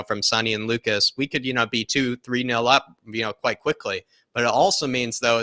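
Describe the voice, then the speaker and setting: A man's voice: medium pitch, pushed and bright, dry recording, studio quality. A man hosting a football live stream, reading viewer comments and rambling casually with fillers and laughs. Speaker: football channel host.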